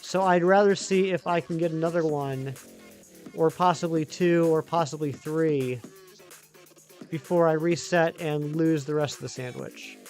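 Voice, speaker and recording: Male streamer, high voice, chatty and excitable, faint music underneath. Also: a little slow. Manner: chatty, excitable, talks to chat. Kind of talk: live gaming stream chat.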